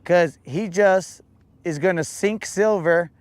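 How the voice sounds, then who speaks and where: Speaking slowly in a high voice on a dry recording, this young podcast host keeps the chat loose and jokey. He's full of slang, addressing everybody as bro or dog.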